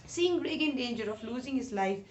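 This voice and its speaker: A woman's voice: a little high, expressive, a little fast, muffled recording. A woman teacher explaining a story line by line to schoolchildren, rephrasing each sentence and asking questions aloud with frequent "uh" fillers. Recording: echoey room with faint noise.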